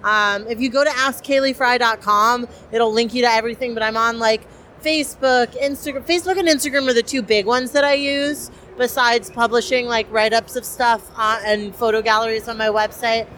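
A woman's voice: fairly high pitch, steady tone, fairly quick, a bit bright, a little hiss or hum. A young woman cosplayer, chatty and enthusiastic with many fillers, interviewed at a convention. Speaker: cosplayer guest.

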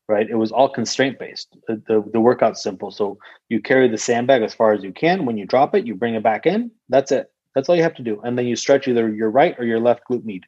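A man with a somewhat breathy, husky voice tells a long personal story in loose podcast chat. He rambles, fills his speech with "like" and swears casually. The sound is dry and slightly muffled. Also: mid-range voice, a little mellow, no room sound. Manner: rambling, heavy use of "like", swears freely. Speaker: guest telling a personal story.

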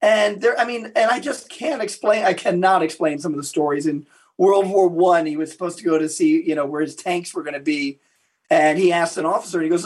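Guy historian telling war stories on a podcast, kinda high husky voice, acts out all the quotes. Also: fairly quick. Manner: animated anecdote teller who acts out quotes. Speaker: guest historian and author. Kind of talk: interview storytelling.

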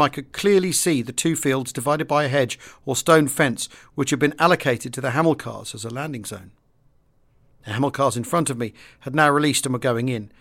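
A man reading a wartime memoir aloud in the first person, steady and understated. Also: mid-range voice. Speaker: audiobook reader.

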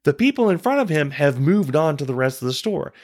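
Man, podcast co-host, casual chat, animated ranting storyteller. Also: on the high side, fairly quick.

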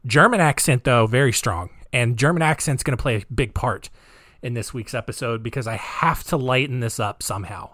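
A man hosting a podcast, telling a dark story in a casual, rambling, joking way with many fillers. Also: mid-range voice, no room sound, studio quality. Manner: rambling, jokey, lots of fillers. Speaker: podcast host.

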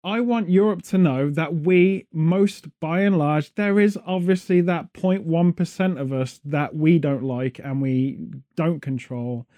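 He hosts a podcast in Britain, talking casually with plenty of jokes and wandering tangents. The voice is high-ish and dark, delivered at a measured pace with few pauses.

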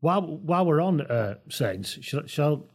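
A man hosting a podcast, telling a comic anecdote in an animated, giggly way. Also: a little high, a little slow, breathy edge. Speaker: podcast host.

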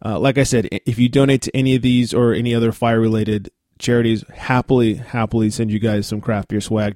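A man hosting a casual podcast with a raspy morning voice and a sore throat, reading out listings with fillers and asides. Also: medium pitch, fairly even intonation, fast, few pauses, darkish tone, no room sound, studio quality. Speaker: podcast host.

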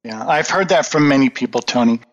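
A man being interviewed as a guest answers questions in an earnest, emphatic way that feels like a lecture. His voice is mid-range and brisk, and the audio is dull and lo-fi with a long reverb.

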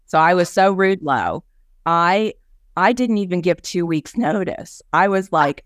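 A woman in her sixties, a ministry speaker and guest, tells stories in a lively, conversational way and acts out the people she quotes. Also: lowish voice, unhurried, no echo, studio quality. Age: 60s. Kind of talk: conversational storytelling.

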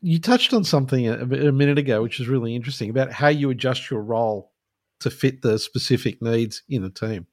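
A man's voice: mid-range voice, a little mellow, no echo. Man co-host, dry close sound. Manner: measured, sets up questions with a recalled moment. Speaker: podcast co-host. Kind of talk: interview questions.

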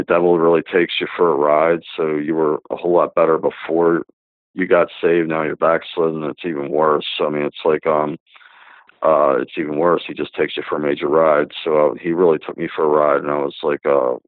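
Really deep-voiced guy in his 50s, rambling testimony full of ums, tinny phone sound. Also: no room sound. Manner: rambling, many fillers and restarts. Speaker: guest giving a testimony. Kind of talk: casual spoken testimony.

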